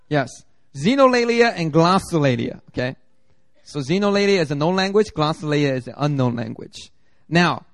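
A fairly high-voiced man preaching with animated, jokey storytelling, now and then slipping into mimicked voices. His delivery is lively and conversational, and the sound is close and dry, with no room echo. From Philadelphia area. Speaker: pastor. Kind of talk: sermon.

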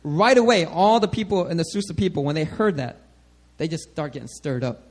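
A man preaching a sermon to a congregation, animated and conversational, often checking in with "all right?". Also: a little high, a little fast. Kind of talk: sermon teaching.

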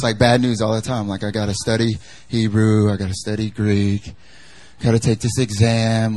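A young man preaching a casual sermon, chatty and jokey, full of fillers as he tells stories. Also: medium pitch.

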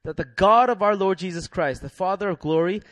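A young man preaching a sermon in a lively, laughing way, leading the congregation in call-and-response. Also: sits high, brisk, no echo.

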